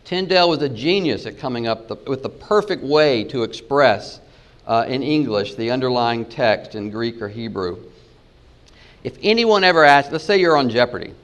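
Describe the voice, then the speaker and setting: Guy teaching bible stuff, reads verses slow and quiet then gets all emphatic. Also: medium pitch. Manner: reads verses slowly and softly, rising to emphatic points. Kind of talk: spoken lecture with scripture readings.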